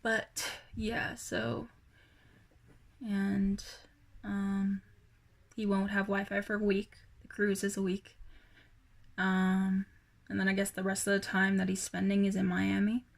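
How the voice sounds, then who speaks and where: A woman's voice: medium pitch, completely flat delivery, slow pace, gravelly, long pauses. A young woman rambling through a casual personal vlog, hesitant, with many fillers and sighs. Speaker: vlogger.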